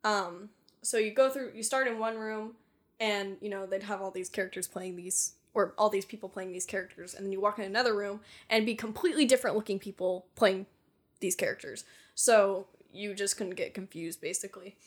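A woman's voice: mid-range voice, brisk. A woman co-hosting a podcast in casual chat, giggling often, swearing freely and saying "like" a lot. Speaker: podcast co-host.

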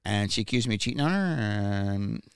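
A man's voice: fairly low pitch, a little fast, smooth, dry recording, clean studio sound. A man casually telling a personal story, blunt and profane, stammering and repeating words when worked up.

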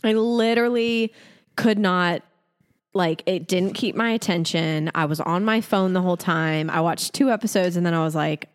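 A woman's voice: fairly low pitch, moderate pace, clear, resonant tone, long reverb tail. A woman co-hosting a podcast in casual chat, talking in a chatty and opinionated way with plenty of fillers. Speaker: podcast co-host.

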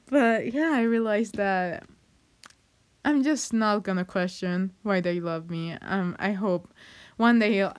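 A woman's voice: medium pitch, animated, slow pace. A young woman speaking in an emotional, hesitant way, often breaking into nervous laughs and using lots of fillers as she talks to her viewers. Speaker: vlogger. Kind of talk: personal heartfelt monologue.

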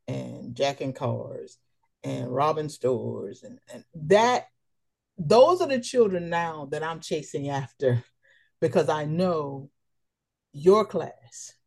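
A woman's voice: deep voice, vocal fry. A middle-aged woman, a local official, speaking as a podcast guest in a motherly way and praising the host with feeling. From Prince George's County, Maryland. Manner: warm motherly praise, emotional. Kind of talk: casual podcast interview.

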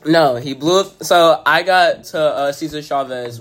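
A man's voice: a little high, unhurried, fairly bright tone. A teenage boy telling school stories in a casual podcast chat with friends, laughing often and swearing. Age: teens. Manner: laughing storyteller, swears a lot. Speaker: podcast co-host. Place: school room.

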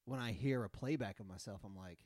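A man's voice: fairly low pitch, fairly quick, a little mellow, no room sound. A man co-hosting a casual sports podcast, joking wryly, swearing and putting himself down. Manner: wry, profane, self-deprecating. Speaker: podcast co-host.

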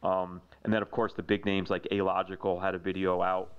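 A low-voiced man talks casually as a podcast co-host, rambling with fillers and excited restarts. The sound is dull and lo-fi. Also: a little fast, smooth. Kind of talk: casual chat.

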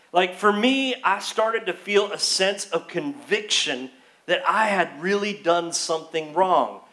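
A man with a high voice preaching a sermon. He tells his story with feeling, dropping almost to a hush and then rising into excitement. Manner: storytelling, swings from hushed to excited. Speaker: pastor. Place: church.

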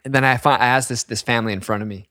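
A young man telling a story in casual chat, animated and profane, acting out the people in it. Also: medium pitch, racing, background noise.

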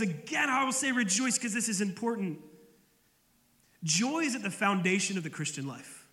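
A man preaching a sermon with a very high, bright voice. He talks in a loose, conversational way and often repeats a word as he gets going. The sound rings around a roomy church hall with a long reverb. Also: lively intonation, normal speed. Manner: conversational, repeats words when starting phrases. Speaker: pastor.

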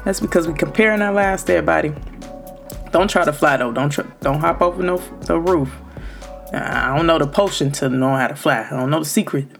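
Low-voiced woman podcasting loud and direct, aave, faint music under her. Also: a little fast, gravelly. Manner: loud, emphatic and direct, speaking straight to listeners. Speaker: podcast host. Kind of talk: motivational podcast talk.

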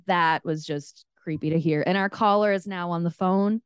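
A woman's voice: fairly low pitch, normal speed, smooth, dry recording, studio quality. A woman hosting a podcast, greeting a caller in a friendly, easygoing way. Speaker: podcast host. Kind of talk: casual podcast chat.

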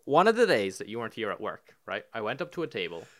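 Young Irish male podcast co-host, animated rant, lively swooping pitch. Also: quick pace. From Ireland. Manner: ranting, animated, swears freely. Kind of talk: casual chat.

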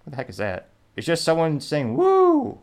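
A man's voice: a little high, expressive, a little fast, clear, resonant tone. A man hosting a commentary show, reading out posts and quotes in a wry, offhand way with frequent restarts. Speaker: show host.

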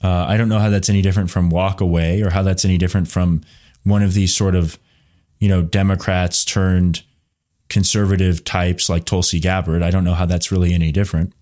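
Low-voiced man hosting a live show. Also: little pitch movement, brisk, a little mellow. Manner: rambling, many fillers like "you know"; reads viewer questions from the chat. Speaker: show host. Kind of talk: live political commentary show.

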